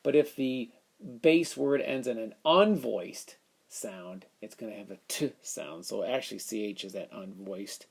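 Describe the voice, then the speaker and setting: A man teaching a phonics lesson at an unhurried pace, with a gravelly, slightly husky voice. He works methodically, saying each word aloud and thinking through it as he goes. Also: on the low side.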